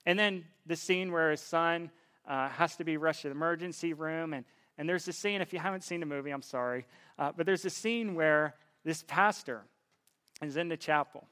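High-voiced man preaching a sermon. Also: moderate pace, smooth. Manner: conversational, repeats words, builds to forceful emphasis.

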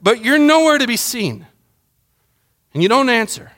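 A man's voice: very high-pitched, big pitch swings, moderate pace, fairly bright tone. A middle-aged man, a pastor, giving a sermon in a personal, emotional storytelling way that rises into impassioned pleading.

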